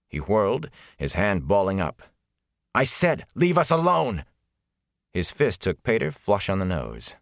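A man narrating a fantasy novel as an audiobook, measured and expressive. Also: low-pitched, no echo, studio quality.

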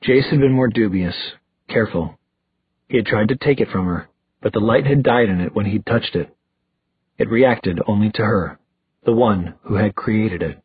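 A man reading a novel aloud as an audiobook narrator, telling the story in an even, unhurried way. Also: fairly low pitch, breathy edge, narrow, tinny audio. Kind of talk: scripted narration.

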